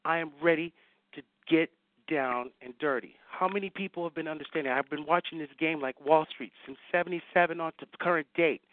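A man guest on a radio talk show, telling anecdotes with excitement and acting out the dialogue. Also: fairly high pitch, fairly quick, slight background noise. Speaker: guest writer. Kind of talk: animated storytelling in a radio chat. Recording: dry, phone-like line.

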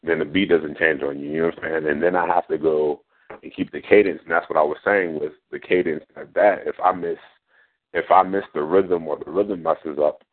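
A man's voice: a bass voice, fairly even intonation, brisk. A man hosting a radio show, chatting casually about poetry and often asking "you know what I'm saying". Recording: phone-like radio audio.

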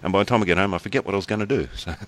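A man's voice: fairly low pitch, racing, fairly bright tone. An Australian man co-hosting a podcast in casual chat, rambling, swearing casually and laughing often. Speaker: podcast co-host.

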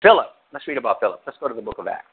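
A male pastor preaching an animated sermon, acting out quotes with big jumps in his voice. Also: mid-range voice, rapid-fire, slightly rough. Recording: tinny phone-like audio.

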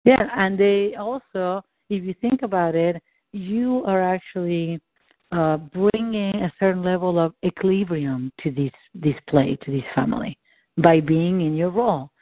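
A woman's voice: fairly low pitch, measured pace, no echo. A woman coach guiding a client through a tapping session, encouraging and giving phrases for him to repeat. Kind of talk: guided tapping session over a call. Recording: tinny dry call line.

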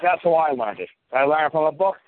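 A man's voice: fairly high pitch, animated, fast talker. Blunt, swearing man in his fifties on a phone line. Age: 50s. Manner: blunt, profane and emphatic. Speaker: caller giving advice. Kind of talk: casual phone call. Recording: tinny phone line with faint hiss.

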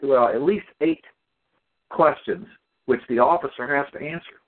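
A man telling stories in a casual community call, animated and acting out the people in them. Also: mid-range voice, moderate pace. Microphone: phone or call audio. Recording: tinny phone line.

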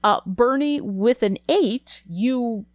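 A woman's voice: fairly high pitch, slow, dry recording, clean studio sound. A woman running a tabletop game as game master, describing scenes and asking the players what they do.

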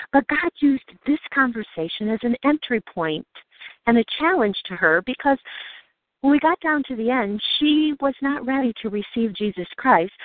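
A woman's voice: a little high, no echo. Earnest woman preaching over a phone-like line. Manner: earnest, measured, slowing to read scripture. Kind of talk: evening devotional sermon with personal stories. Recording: dry, phone-like narrow sound.

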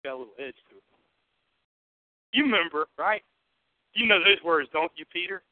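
A man preaching a sermon in a conversational way. He asks the congregation questions and swings between loud, emphatic bursts and hushed asides. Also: a little high, animated, normal speed, dry recording, narrow, tinny audio. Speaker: pastor.

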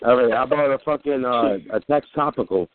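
A man's voice: mid-range voice, normal speed, heavy background noise. Rowdy, tipsy man on a phone line. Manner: loud, profane trash talk. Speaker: battle rapper guest. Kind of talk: rowdy podcast banter.

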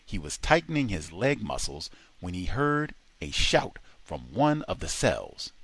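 Brief: male book reader, low and expressive, dry close sound. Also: unhurried, slightly rough, no echo. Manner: dramatic, expressive reading. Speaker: audiobook reader. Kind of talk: reading a nonfiction book aloud.

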